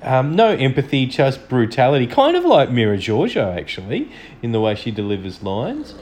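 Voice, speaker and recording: An enthusiastic man hosts a solo podcast from home, talking in a casual, chatty way. His voice sits at an ordinary middle pitch, and he jokes about himself as he goes. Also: wildly swooping pitch, moderate pace, darkish tone, a little hiss or hum. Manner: enthusiastic, chatty, self-deprecating. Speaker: podcast host. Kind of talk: solo podcast episode review. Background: dog snoring.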